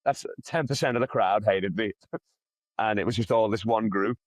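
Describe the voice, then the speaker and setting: A man's voice: fairly low pitch, normal speed, dry recording. A male comedian telling a rambling, profane story in a casual interview. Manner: profane, rambling, animated anecdote. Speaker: comedian guest.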